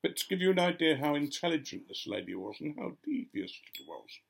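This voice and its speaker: A man's voice: fairly high pitch, very animated, brisk, creaky. An older man, a retired vicar, telling a story casually and acting out the voices of the people in it. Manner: gently amused, acting out quoted voices.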